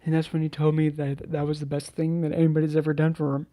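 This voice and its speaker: A soft-spoken channel host tells a personal story to the camera in a mellow, dark voice. He is halting and hesitant, often restarting phrases and sighing, while his pitch stays flat and level.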